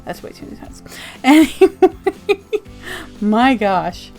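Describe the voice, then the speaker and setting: A woman's voice: sits high, very animated, drawn-out words, long pauses, a little mellow, soft background music. A woman vlogger sharing zines from her mail in casual chat, bubbly and gushing with frequent giggles. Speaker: zine reviewer vlogger.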